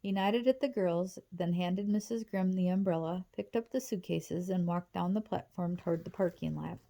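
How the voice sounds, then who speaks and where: A woman reading a novel aloud in a steady, even storytelling manner. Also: lowish voice, moderate pace, creaky. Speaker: audiobook reader.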